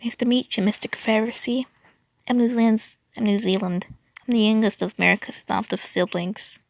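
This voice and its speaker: A woman voices a nervous, polite young boy personifying New Zealand, slightly raised and stumbling. The voice has a gravelly grain and a dry, close sound. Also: fairly high pitch, flat delivery, fairly quick, dry recording, voice pushed up.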